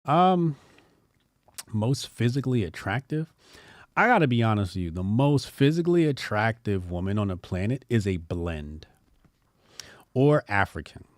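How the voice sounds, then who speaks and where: A man's voice: fairly low pitch, sing-song, normal speed, long pauses, no room sound, studio quality. A man hosting a casual opinion show, talking bluntly with rambling, joking asides. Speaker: commentary show host.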